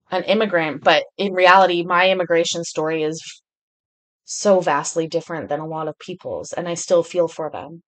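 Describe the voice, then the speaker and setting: A woman talks through court videos in a loose, rambling commentary. She is candid and chatty, and her voice sits a little on the low side. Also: a bit bright. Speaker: host.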